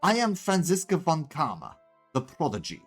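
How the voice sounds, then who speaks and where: A man's voice: on the high side, wildly swooping pitch, measured pace, a bit bright, husky, soft background music, full character voice. A man voicing a haughty young female prosecutor in a game playthrough, with a put-on German accent that comes and goes. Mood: haughty menacing. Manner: cold, threatening. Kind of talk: game voice-over let's play.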